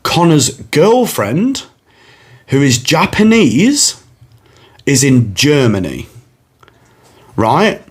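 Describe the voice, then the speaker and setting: A young comedian hosting a podcast tells a rambling story in casual conversation, laughing, animated and putting on voices. His slightly high voice is extremely slow, with long pauses and a slightly rough quality.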